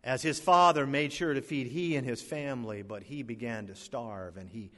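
A male pastor preaching an emphatic sermon, rising to loud peaks and dropping to hushed lows. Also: moderate pace, long reverb tail.

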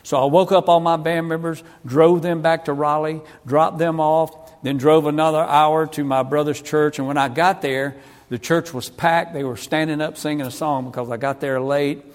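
A man's voice: a little high, level tone, normal speed. A middle-aged man from North Carolina, telling his conversion story as a sermon, acting out the voices of the people in it. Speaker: evangelist giving his testimony. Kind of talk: sermon testimony. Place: church hall. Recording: long hall reverb.

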